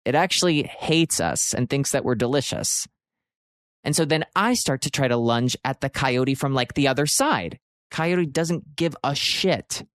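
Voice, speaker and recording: A man from Pennsylvania, likely in his thirties, hosting a podcast and telling a story in an animated way, with sudden jumps into exaggerated quotes. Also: medium pitch, a little slow, no echo, clean studio sound. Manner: expressive, swearing, jumps into shouted quotes. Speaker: podcast host.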